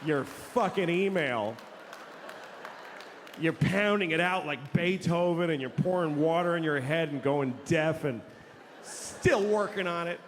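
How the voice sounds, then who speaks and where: A man's voice: fairly high pitch, measured pace, big-room sound, some chatter behind, a little hiss or hum. A man doing stand-up comedy, ranting bluntly and crudely, and jumping into mocking voices for the people he quotes. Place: large hall with an audience.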